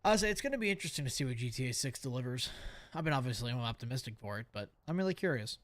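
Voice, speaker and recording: A man chatting casually while streaming a baseball video game, with a New York accent and a habit of swearing and reacting loudly to plays. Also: mid-range voice, lively intonation, rapid-fire, dry recording. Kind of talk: casual gaming stream chat.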